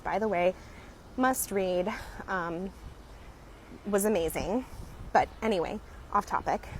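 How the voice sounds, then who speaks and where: A woman's voice: on the low side, a little hiss or hum. A woman telling a story in a chatty way with fillers and asides. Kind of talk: casual storytelling to camera.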